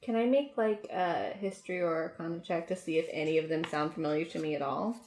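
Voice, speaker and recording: Giggly woman rambling through her turn, lowish voice, echoey room. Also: quick pace, darkish tone, a little hiss or hum. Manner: chatty, giggly, full of likes and ums. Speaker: player. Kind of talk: casual tabletop play. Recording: roomy echo.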